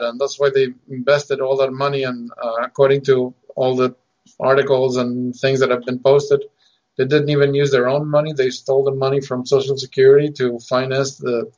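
A man joining a casual chat by video call, halting and indignant, restarting his sentences often. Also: medium pitch, level tone, a little mellow. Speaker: guest. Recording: muffled lo-fi call audio.

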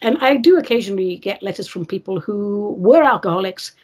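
Casting note: husky-voiced woman host, scornful and sarcastic, pitch swinging widely. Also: animated, brisk, a little mellow. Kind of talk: opinionated commentary show.

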